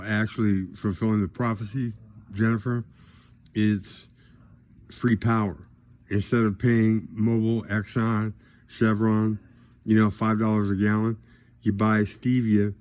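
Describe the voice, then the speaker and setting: Low flat-voiced rambling man. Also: no room sound. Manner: grandiose, rambling, drifts between loud and mumbled. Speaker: vlogger addressing a celebrity. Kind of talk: rambling direct-to-camera monologue.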